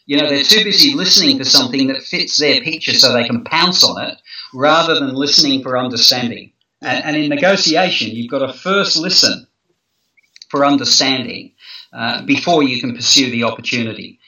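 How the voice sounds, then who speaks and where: In a conversational interview, a negotiation expert appears as a guest and explains negotiation at length. His voice is on the high side, pushed and bright, and he talks thoughtfully with many fillers, restarts and repeated words. The recording sounds roomy, distant and muffled.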